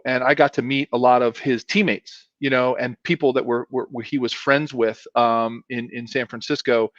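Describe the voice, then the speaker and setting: A man's voice: medium pitch, a bit bright, dry recording. Rambling man with a muffled sound. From South Philadelphia, US. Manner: rambling, self-deprecating, many restarts and fillers. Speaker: guest, former pro football player. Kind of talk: casual storytelling interview. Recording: dull, muffled sound, dry.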